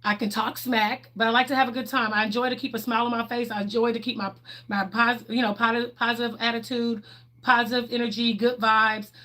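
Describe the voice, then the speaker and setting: A woman's voice: fairly high pitch, flat delivery, brisk, bright, forceful tone. Sassy bubbly woman with a Southern accent. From Ohio, raised in the US South. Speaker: livestream host. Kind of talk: casual livestream chat.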